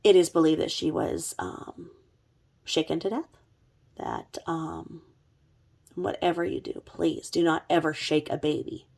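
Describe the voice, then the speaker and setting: A woman's voice: deep voice, animated, a little slow, gravelly, darkish tone, slightly rough. A middle-aged woman telling a true crime story in a chatty, sarcastic vlog style with blunt asides. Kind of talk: casual vlog narration.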